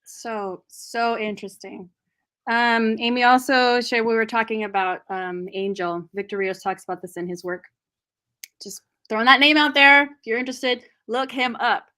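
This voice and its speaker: Chatty woman host reading viewer comments, a bit high voice. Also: normal speed, sharp tone. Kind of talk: moderating a live book discussion.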